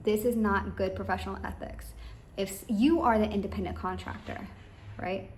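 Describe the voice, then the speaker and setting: A woman's voice: medium pitch, fairly even intonation, moderate pace, darkish tone. Woman rambling on w/ business advice, emphatic, roomy echo and a little hiss behind. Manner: rambling, emphatic, talks straight to listeners. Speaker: business coach. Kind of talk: advice monologue. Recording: echoey room with faint ambient noise.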